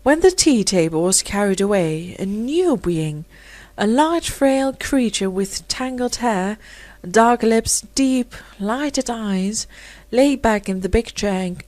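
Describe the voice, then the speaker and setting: A woman reading a classic short story aloud as an audiobook narrator, in a measured, clear way. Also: mid-range voice, darkish tone, no room sound. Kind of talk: scripted narration.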